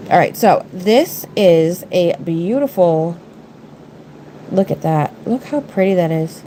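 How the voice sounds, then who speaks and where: A woman's voice: fairly low pitch, lively intonation, slow pace, mellow, a little hiss or hum, rough recording. A congested woman, chatting casually to viewers while she livestreams her nail art from her work desk. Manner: chatty, rambling, talks to viewers and her pets. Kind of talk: casual livestream chat while doing nails.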